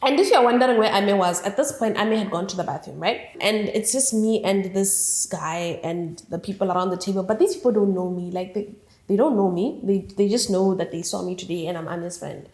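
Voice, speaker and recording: A woman's voice: mid-range voice, a little fast, a little mellow. A young woman vlogger telling a story in a chatty, light-hearted way, peppered with "like.". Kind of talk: casual storytime monologue. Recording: echoey room.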